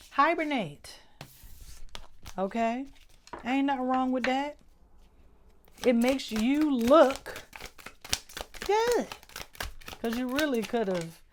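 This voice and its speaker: A woman with a doctoral degree and a fairly high voice gives a laid-back tarot reading over slight background noise. She emphasizes her points, repeats phrases and speaks directly to viewers.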